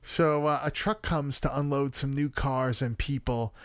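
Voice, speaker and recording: A young man chats through a film recap with a smooth, resonant voice, laughing a lot and swearing freely. The sound is close and dry, with no room around it. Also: medium pitch, steady tone, unhurried, no echo. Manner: laughs often, filler-heavy, swears casually. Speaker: podcast host recapping a film. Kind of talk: casual profane chat.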